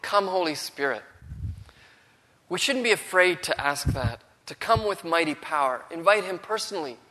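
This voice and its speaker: A man preaching a sermon with a cold, earnest and dropping to a hush when he quotes. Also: high-pitched, lively intonation, moderate pace, long reverb tail. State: has a cold, throat strained.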